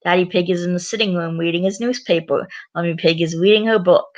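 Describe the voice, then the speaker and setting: A woman's voice: fairly low pitch, steady tone, fast talker. Blunt, offhand woman reading aloud. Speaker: storybook reader. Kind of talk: casual read-aloud with asides. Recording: dull lo-fi recording.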